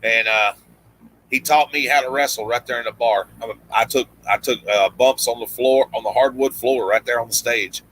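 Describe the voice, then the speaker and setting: Casting: man, bright and forward voice, casual rambling storyteller who voices the people in his tales. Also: mid-range voice, steady tone, moderate pace, poor audio. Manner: rambling, many restarts, acts out quoted lines. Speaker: guest storyteller, former pro wrestler.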